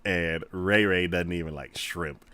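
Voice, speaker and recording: A man's voice: low voice, measured pace, clear, resonant tone. A man hosting a gaming stream, chatting casually and laughing often as he retells stories. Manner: laughs often, retells scenes in animated voices. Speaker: gaming channel host. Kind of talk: casual chat while gaming.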